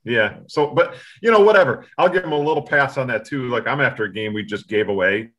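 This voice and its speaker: A man's voice: medium pitch, fast talker, a bit bright. A man co-hosting a sports talk show, rambling casually and often restarting his sentences. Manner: rambling, self-interrupting. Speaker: sports podcast co-host.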